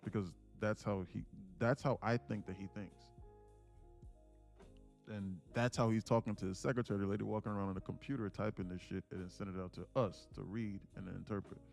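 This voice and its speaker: A man's voice: on the low side, fairly even intonation, fairly quick, vocal fry, darkish tone, soft background music. A man hosting a live trading stream, giving blunt, informal coaching to viewers. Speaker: day-trading livestream host.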